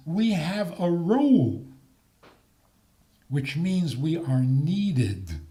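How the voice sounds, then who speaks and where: Slow, animated older rabbi. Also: male voice, on the high side. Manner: animated, joking, rhetorical questions. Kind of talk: talk on faith.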